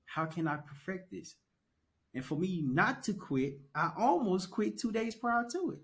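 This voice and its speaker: Animated young man telling his story. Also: high-pitched, measured pace. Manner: animated storytelling, repeats phrases for emphasis. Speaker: podcast guest. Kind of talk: casual conversation.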